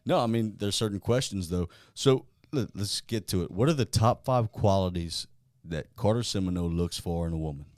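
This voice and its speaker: Um homem com sotaque do sul dos Estados Unidos, apresentando um podcast e fazendo perguntas diretas num papo descontraído. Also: male voice, low-pitched, normal speed, darkish tone, dry recording, studio quality. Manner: blunt, probing questions. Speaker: podcast host. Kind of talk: casual podcast chat.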